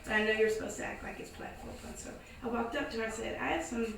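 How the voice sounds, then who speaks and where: Southern woman telling a lively story, lots of voices, far off mic in an echoey room with some noise. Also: a little high, fast talker, vocal fry. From American South. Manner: animated, acts out voices in her story. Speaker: storyteller at a live event. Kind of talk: casual spoken storytelling. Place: indoor event space.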